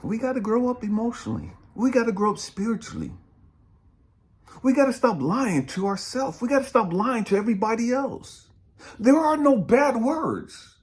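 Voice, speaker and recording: Blunt preachy man, lively pitch. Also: normal speed. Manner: preachy and blunt, swings between loud and hushed. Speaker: spiritual coach. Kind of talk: motivational talk.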